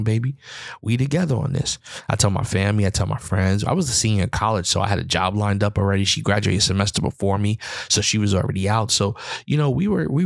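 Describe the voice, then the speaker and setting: A low, gravelly man's voice delivers a heated, rambling podcast monologue, circling back and repeating his points. The sound is dry and close, with no room around it. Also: no echo. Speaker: podcast host. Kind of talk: casual opinion monologue.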